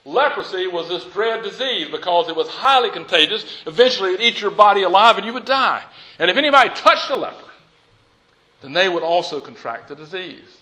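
A man preaching a sermon as pastor, expressive, with loud emphatic lines and near-whispered ones, often repeating himself for emphasis. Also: sits high, brisk, rough recording.

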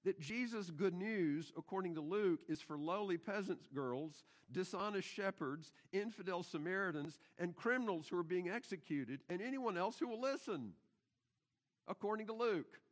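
A middle-aged pastor preaches in a church sanctuary with lively intonation and a moderate pace, his voice slightly high for a man. His delivery is emphatic, and he repeatedly puts rhetorical questions to the congregation.

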